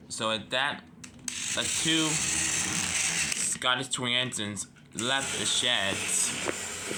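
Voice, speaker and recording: A young man narrating an amateur toy-train story in a halting way, with slips and fillers. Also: mid-range voice, noisy background.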